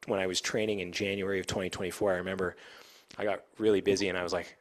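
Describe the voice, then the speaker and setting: A fast-talking man with a somewhat low voice, speaking casually to a group of pilots. He works as an air traffic controller and leans on fillers and quick restarts as he explains radio habits. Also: little pitch movement. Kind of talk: informal safety talk to pilots.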